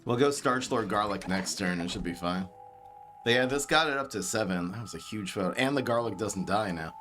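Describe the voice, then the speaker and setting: A man with a light New York-tinged East Coast accent, streaming a card game and thinking aloud in excitable, laughing commentary. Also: fairly low pitch, brisk, faint music behind.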